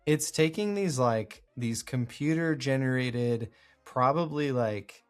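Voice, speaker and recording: A man co-hosting a casual chat, animated and mocking stock AI phrasing with exaggerated groans. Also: medium pitch, takes it slowly, clean tone, faint music behind. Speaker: podcast co-host.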